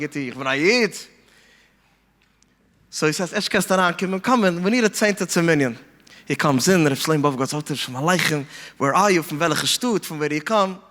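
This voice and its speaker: Man telling stories, kinda high voice, acts out the people in them, drops yiddish words, reverby sound. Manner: animated storytelling, voices quoted people, mixes Yiddish phrases. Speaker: podcast guest speaker. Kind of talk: storytelling talk.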